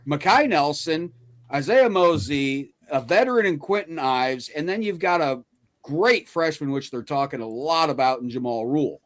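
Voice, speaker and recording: Lively, higher-voiced podcast host. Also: male voice, normal speed. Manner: lively, conversational questions. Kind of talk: casual interview chat.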